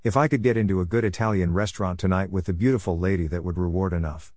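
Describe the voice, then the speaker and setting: A man's voice: low-pitched, fairly even intonation, quick pace, darkish tone, no room sound, clean studio sound. A man voicing a suave, courteous male ballet dancer who plays the hero. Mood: gallant. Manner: gallant, courteous.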